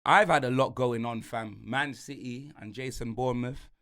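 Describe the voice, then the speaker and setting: A young man with a London accent, hosting a sports podcast and ranting in rapid, slang-heavy banter. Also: mid-range voice, fairly bright tone. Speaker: podcast host.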